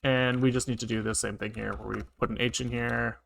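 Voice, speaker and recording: A man's voice: medium pitch, little pitch movement, a little fast, vocal fry, a bit bright, slight background noise. A man live-streaming his programming, thinking aloud and muttering to himself with casual swearing, keyboard clicks behind him. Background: keyboard typing and clicking.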